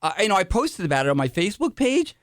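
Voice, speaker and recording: A middle-aged man co-hosting a podcast, chatting casually and telling animated stories with sudden loud asides. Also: high voice, quick pace, no room sound, clean studio sound. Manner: animated storyteller, jumps into shouted asides. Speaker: podcast co-host. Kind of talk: casual chat.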